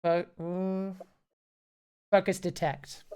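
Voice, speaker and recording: Low-voiced woman running a tabletop game. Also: little pitch movement, takes it slowly, mellow, clean tone. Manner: chatty, hesitant with fillers, laughs easily. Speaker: game master.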